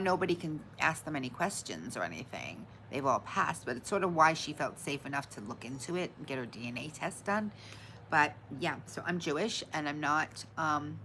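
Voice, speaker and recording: A woman's voice: low voice, sharp tone, a little hiss or hum, rough recording. A middle-aged American woman from Long Island hosting a casual livestream, chatting with viewers in a rambling way and laughing often. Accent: mixed American, no fixed regional accent. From Long Island, New York. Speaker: livestream host. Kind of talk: casual chat with live viewers.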